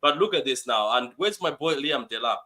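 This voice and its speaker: A man hosting a casual football chat, excitable and teasing, quick to laugh. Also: medium pitch.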